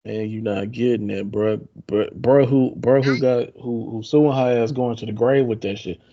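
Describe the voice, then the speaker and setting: A man's voice: mid-range voice, steady tone, normal speed, dark tone. A man co-hosting a podcast, throwing in teasing lines during casual chat. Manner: laughing, teasing interjections. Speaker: podcast co-host. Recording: dull lo-fi mic.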